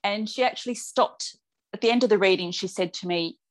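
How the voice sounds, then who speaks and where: A woman's voice: mid-range voice, brisk. A woman, a clairvoyant medium telling her story as a podcast guest, chatty and acting out the dialogue she quotes. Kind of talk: casual podcast interview.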